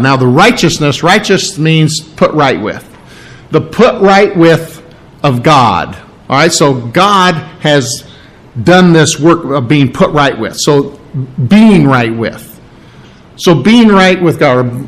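Earnest man preaching, slightly high voice. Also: a bit bright, low-quality recording. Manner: earnest, emphatic, repeats key phrases. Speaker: pastor. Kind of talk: expository sermon.

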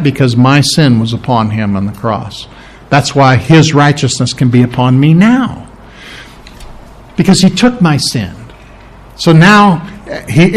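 Male pastor, slightly raised pitch, relaxed teaching sermon with questions to the room. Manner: conversational teaching with questions to the congregation; restarts and repeats words while thinking aloud.

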